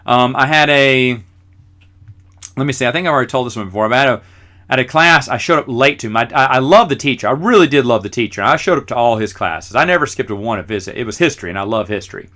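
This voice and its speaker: Middle-aged male host, casual storyteller, rambles and mocks himself, bright tone. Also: mid-range voice, expressive, quick pace. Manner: rambling, self-mocking. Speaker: podcast host.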